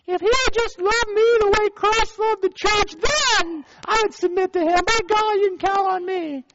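A man putting on a squeaky falsetto wife. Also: normal speed, muffled recording, very noisy. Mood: demanding. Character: whiny high-voiced wife making demands.

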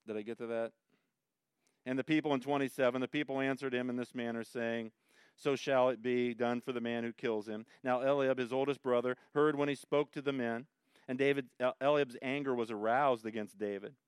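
A man preaching a sermon with a smooth, resonant voice, working through the text verse by verse. He moves from calm explanation to emphatic, rising bursts. The sound is dry and close, with no room echo. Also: mid-range voice. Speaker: pastor.

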